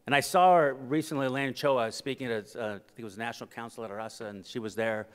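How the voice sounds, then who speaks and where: A man's voice: medium pitch, fast talker, clear, resonant tone. Middle-aged man telling stories on stage in a reverberant hall. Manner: animated, acts out quoted voices for laughs. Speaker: keynote speaker. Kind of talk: humorous storytelling speech. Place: conference hall.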